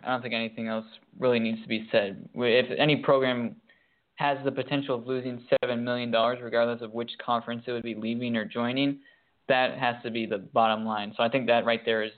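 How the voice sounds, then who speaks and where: A man's voice: medium pitch, flat delivery, fairly quick. A man co-hosting a sports podcast in casual chat, agreeable and matter-of-fact. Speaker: podcast co-host. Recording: tinny phone-like line.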